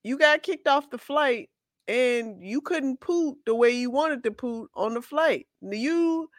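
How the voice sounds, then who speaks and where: Female podcast co-host, unhurried, emphatic and blunt, dry close recording. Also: sits high, animated, dry recording. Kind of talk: casual podcast chat.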